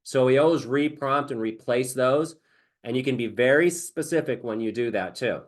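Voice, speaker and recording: A man presenting in a webinar, explaining software step by step in a chatty way. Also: medium pitch, normal speed. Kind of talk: casual presentation.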